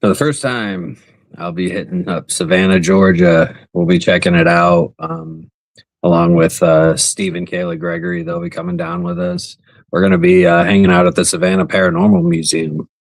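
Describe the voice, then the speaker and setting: A man's voice: sits low, moderate pace, creaky, no echo. A man co-hosting a casual podcast, chatty and laughing easily. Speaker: podcast co-host. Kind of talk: casual chat.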